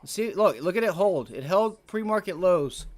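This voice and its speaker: Animated and moderately paced, a man whose voice sits high runs a live day trading stream out of his home trading office. He coaches viewers through the market casually and swears freely.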